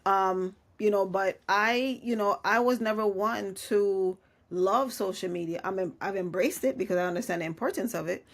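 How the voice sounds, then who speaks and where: This woman hosts a podcast, and her mid-range voice is gravelly, moving at a normal speed. She chats casually, fills her talk with "you know," and laughs often.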